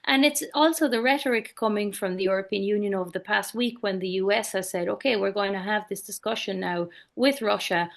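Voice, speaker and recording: A woman's voice: medium pitch, fairly quick, vocal fry, few pauses. An Irish woman speaking earnestly on an online panel, often restarting and repeating words as she makes her case.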